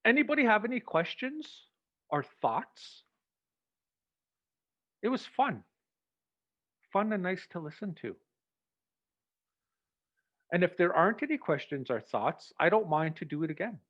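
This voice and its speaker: A man directing a community play, giving rehearsal notes in an animated way and acting out lines. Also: sits high, measured pace, pauses often. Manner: animated, acts out lines, chuckles often. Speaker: theatre director. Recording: dull, dry lo-fi sound.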